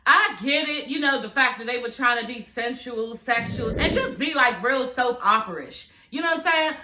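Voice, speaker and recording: A woman's voice: fairly high pitch, expressive, moderate pace, echoey room, background noise. A woman reviewing a TV episode in a casual, chatty way, often cursing, laughing and calling her viewers y'all and girl. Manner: laughs often while talking. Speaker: show recap vlogger.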